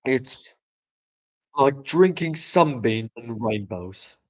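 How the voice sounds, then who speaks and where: A man's voice: mid-range voice, expressive, very slow, no echo, poor audio. A man voicing a jolly male badger in a storybook, talking in a gasping, rhapsodic way. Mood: rapturous.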